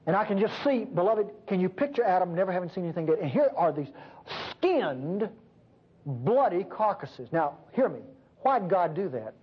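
A man preaching a sermon fervently, swinging between loud emphasis and hushed low passages. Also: husky. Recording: dull lo-fi recording.

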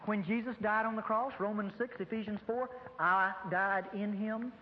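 A man's voice: high-pitched, fairly even intonation, moderate pace, big-room sound, highs cut off, a little hiss or hum. A man preaching a sermon to a congregation, emphatic and dramatic, acting out dialogues. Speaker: pastor. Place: large room before a congregation.

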